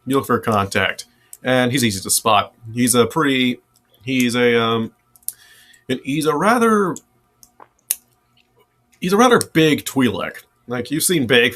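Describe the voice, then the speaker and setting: A man's voice: mid-range voice, a bit bright. Rich: A man runs a tabletop game as its game master. He narrates scenes in a rambling way, often restarting mid-sentence.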